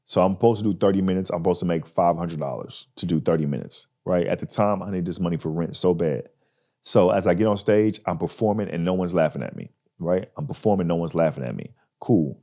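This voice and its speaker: A man hosting a podcast, telling a story in a casual, animated way and acting out the people in it. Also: sits low, quick pace. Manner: animated, acts out people in his stories. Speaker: podcast host.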